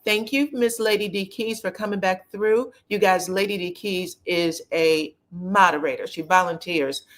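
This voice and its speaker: A woman's voice: lowish voice, normal speed, hardly any pauses. Chatty woman hosting a live review. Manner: chatty, animated, laughs often. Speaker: reality TV review host. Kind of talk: casual live-stream chat.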